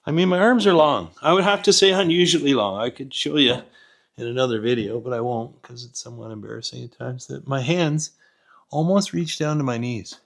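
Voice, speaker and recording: A man's voice: medium pitch, fairly quick, creaky. Rambling, joking man in a garage. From Canada. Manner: rambling, joking, self-mocking, muttering while he works. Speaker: home mechanic host. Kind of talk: casual workshop vlog. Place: garage, lying under an old vehicle. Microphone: camera set up nearby.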